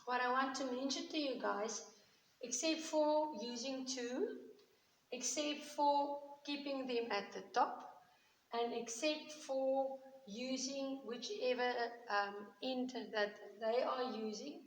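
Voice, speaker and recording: A woman's voice: high voice, slow. A woman teacher giving a grammar lesson to children, explaining patiently step by step and checking in often. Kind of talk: recorded classroom grammar lesson. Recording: echoey room with long reverb and faint hiss.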